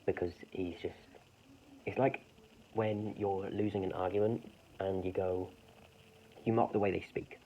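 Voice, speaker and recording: Low flat-voiced man thinking aloud. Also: unhurried, long pauses, a little hiss or hum. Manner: hesitant, self-correcting, mulling ideas over. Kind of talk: rambling thinking-aloud monologue. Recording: muffled lo-fi recording.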